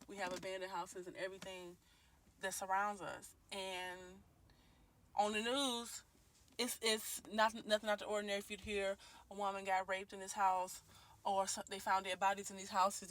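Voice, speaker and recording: A Detroit, Michigan woman in her late twenties speaks at normal speed in a mid-range, slightly bright voice with little pitch movement. A vlogger, she talks candidly and earnestly into her phone camera at home and around her neighborhood, with many ums and restarts in this personal monologue.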